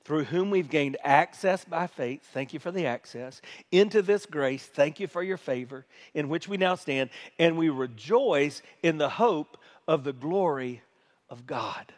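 A male pastor preaching a sermon, animated, swinging between quiet, intimate passages and loud, excited ones. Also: a little high, unhurried.

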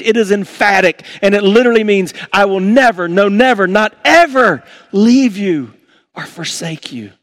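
Preaching as a pastor, a man with a high voice swings between quiet, intimate asides and loud, fervent outbursts. His manner is folksy, and he leans on homely examples.

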